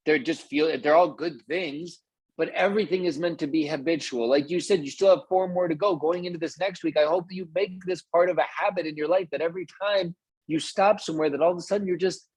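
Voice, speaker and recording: A slightly husky, fairly high male voice, upbeat and encouraging, talking straight to his group on a video call. The sound is close and completely dry. He pushes ahead with motivational energy. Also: brisk, darkish tone, dry recording. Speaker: host of a group coaching call.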